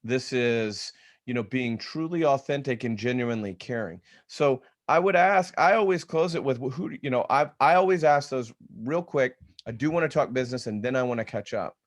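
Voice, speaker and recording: A man's voice: mid-range voice, normal speed. A man with a drawl leads an online class for real estate agents, his voice sitting in an ordinary middle register. He talks with energy in a loose conversational way and often restarts his thoughts partway through. The sound carries the feel of a video call. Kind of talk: webinar teaching talk.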